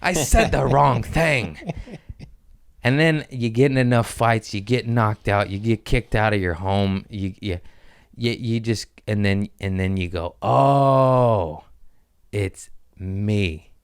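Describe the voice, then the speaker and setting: A man hosting a casual podcast, ranting loudly and profanely, rambling and laughing at his own jokes into a studio mic. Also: on the low side, fairly even intonation, measured pace, clear, resonant tone. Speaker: podcast host.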